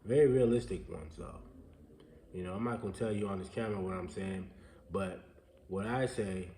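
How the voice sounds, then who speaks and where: A man's voice: low voice, normal speed. A man with a nasal, stuffed-up voice from sinus trouble, talking casually and rambling about motivation. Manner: relaxed, rambling with fillers. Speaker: co-host. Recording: echoey room with faint ambient noise.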